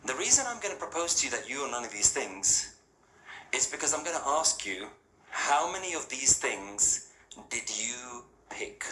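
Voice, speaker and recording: Addressing a live audience in a hall, a spiritual speaker uses a sing-song, mid-range voice that's bright and forceful, at normal speed. He talks casually and rhetorically, asking questions and frequently adding "yeah?" and "right?". The echoey recording has faint ambience and a little hiss or hum.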